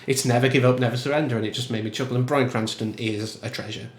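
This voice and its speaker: A man gives casual film commentary in a chatty, animated and emphatic manner. His voice is mid-pitched. The room around him has a noticeable echo. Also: quick pace. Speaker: film reviewer.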